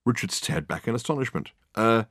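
A man narrating an audiobook in a measured, dry storytelling manner. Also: on the low side, animated, no echo. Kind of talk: scripted narration.

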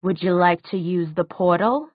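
A woman voicing a sly old woman fortune teller who talks slowly and softly, with a wheedling manner. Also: on the low side, husky, no room sound. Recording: tinny phone-like dry sound.

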